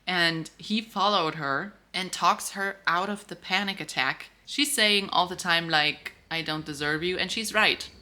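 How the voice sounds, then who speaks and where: A woman reacting to a romance novel in a casual book vlog, animated and outspoken, swearing freely. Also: lowish voice, measured pace, few pauses. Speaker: book vlogger.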